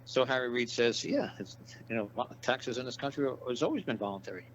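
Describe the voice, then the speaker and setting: A man's voice: medium pitch, lively intonation, quick pace. A man giving a casual interview, blunt and profane, rambling through stories and repeating his points. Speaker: interview guest. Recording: dull lo-fi audio with background hiss.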